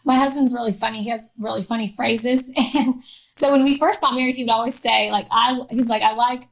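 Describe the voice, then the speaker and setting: A woman's voice: fairly high pitch, fairly even intonation, brisk, gravelly, poor audio. A woman in her thirties telling a personal story in a casual chat, laughing often and using many fillers. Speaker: guest.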